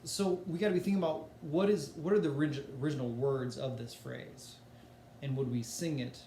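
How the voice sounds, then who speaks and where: A man's voice: fairly high pitch, fairly quick, slight background noise. Chatty male music teacher in an echoey room. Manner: relaxed, chatty, with filler words. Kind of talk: casual music lesson with sung demonstrations.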